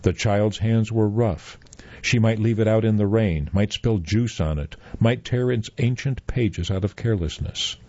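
A man reading a story aloud as narrator, in measured scripted narration. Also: fairly low pitch, warm tone, no echo. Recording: dull, muffled dry recording.

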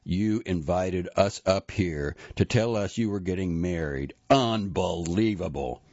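A man's voice: deep voice, measured pace, a little mellow, no room sound, highs cut off, pitched above the performer's own voice. A man reading an audiobook, voicing a grown son who sounds incredulous and accusing toward his mother.

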